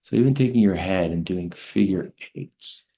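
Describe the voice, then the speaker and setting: A man teaching a lecture on calming the body. He is gentle, checks in often with "right?", and slows to a soft hush when he guides breathing. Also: low voice, gravelly. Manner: slows and softens to a hush while guiding breaths. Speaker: author and health teacher.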